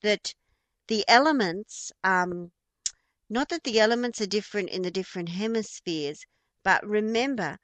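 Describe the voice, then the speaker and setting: A woman's voice: mid-range voice, normal speed, a bit bright, no room sound. A woman with an Australian accent giving an informal spoken lesson, explaining patiently with frequent ums and restarts. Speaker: feng shui teacher.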